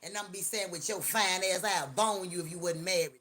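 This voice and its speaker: A middle-aged woman hosting a live stream, talking in a loud, profane, joking rant. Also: on the low side, fairly quick. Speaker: livestream host. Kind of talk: casual live-stream chat.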